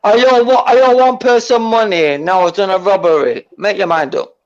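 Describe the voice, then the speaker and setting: A man arguing back on a podcast, loud, defiant and mocking. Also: high voice, moderate pace, muffled recording. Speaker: podcast guest. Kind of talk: heated argument on a podcast.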